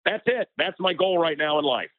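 A man's voice: a little high, animated, moderate pace, no echo. A man, a radio personality, talking as a guest in an interview, impassioned and getting worked up as he speaks. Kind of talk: heated interview conversation. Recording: tinny phone line.

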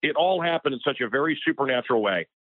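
A radio personality talks fast and expressively in a medium-pitched voice as he is interviewed, working himself up with real passion. The heated conversation has no room sound and comes through a tinny phone line.

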